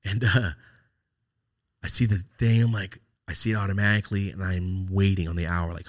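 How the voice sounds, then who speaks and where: A man's voice: sits low, steady tone, normal speed. A man, casually telling a story as a podcast host, rambling and profane with lots of "like". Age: late 20s.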